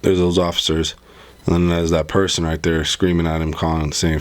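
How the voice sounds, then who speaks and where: A man's voice: very deep voice, little pitch movement, moderate pace. A man hosting a commentary vlog, talking in a rambling, conversational way and calling his viewers "bro". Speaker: political commentary vlogger.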